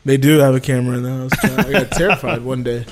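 A man co-hosting a casual chat, telling a story with animated delivery and frequent laughs. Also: medium pitch, quick pace, crowd noise. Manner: animated storytelling, laughs often, acts out quoted voices. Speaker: podcast co-host.

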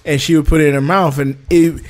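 A man co-hosting a casual chat, telling a story with animated delivery and frequent laughs. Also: on the high side, quick pace. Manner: animated storytelling, laughs often, acts out quoted voices. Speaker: podcast co-host.

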